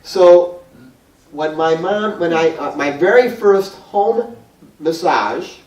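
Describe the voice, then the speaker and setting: A man with a New York accent telling a long, animated story to a small group, rambling with restarts and laughter. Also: fairly high pitch, takes it slowly. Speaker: guest speaker. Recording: roomy hall, mic far off.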